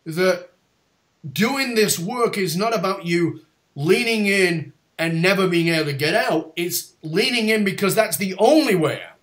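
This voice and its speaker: A man hosting a podcast, telling a story with animated retold dialogue and frequent restarts. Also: sits high, unhurried. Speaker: podcast host. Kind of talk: storytelling in conversation.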